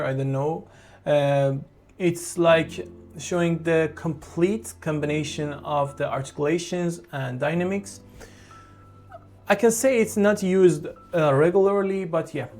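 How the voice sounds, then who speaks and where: A piano teacher who explains a beginner piece in a slow, halting way, with frequent fillers and restarts. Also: medium pitch, a little mellow. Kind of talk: online piano tutorial.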